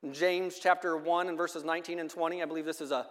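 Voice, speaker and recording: A man with a high voice delivers a sermon, moving at a measured pace and reading scripture aloud. His words ring out with a long echo from the church hall around him. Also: steady tone, a bit bright. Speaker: preacher.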